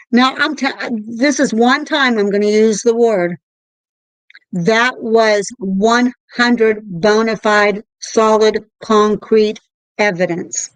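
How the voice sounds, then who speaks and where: Middle-aged lady cohost, chatty and animated, kinda high voice, dry sound. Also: clean tone, no echo, low-quality recording. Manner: animated storytelling, swearing, repeated "I'm there like". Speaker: co-host. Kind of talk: casual chat about paranormal experiences.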